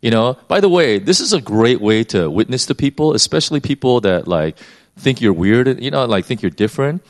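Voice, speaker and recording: Animated man teaching from the Bible. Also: medium pitch, brisk. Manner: animated, repeats words while thinking. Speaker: preacher.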